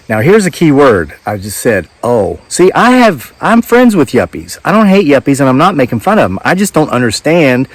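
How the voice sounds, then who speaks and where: A man's voice: medium pitch, dry recording. A man talks in an easygoing, wandering way, circling back on himself with asides. His voice sits in the middle range and sounds dry and close. Crickets chirp behind him outdoors. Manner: wry, rambling, self-interrupting storyteller. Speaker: vlogger. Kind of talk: casual storytelling monologue. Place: outdoors in woods.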